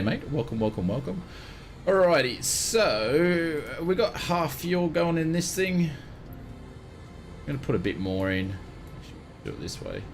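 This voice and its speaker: An Australian man live-streaming a flight simulator, chatting casually and greeting viewers by name. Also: a little high.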